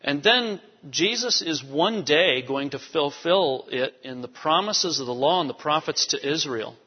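A man preaching a sermon to a congregation, emphatic and animated, with asides to the people in the pews. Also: fairly high pitch, a little slow, slightly rough. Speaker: pastor. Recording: dull sound in a reverberant hall.

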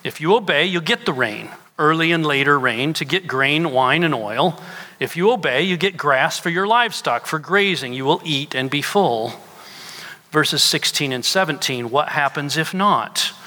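Bright-voiced man preaching in a reverberant hall. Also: on the high side, expressive, a little slow. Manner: teaching with rhetorical questions to the congregation. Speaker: pastor. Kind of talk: sermon. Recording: long reverb of a large hall.

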